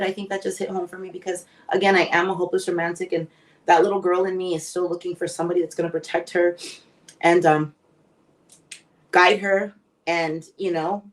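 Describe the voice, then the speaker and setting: Woman, forties, interview guest, heartfelt and frank, mid pitch, somewhat off-mic. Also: distant mic. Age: 40s. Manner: emotional, candid, tearful at times. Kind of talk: live interview.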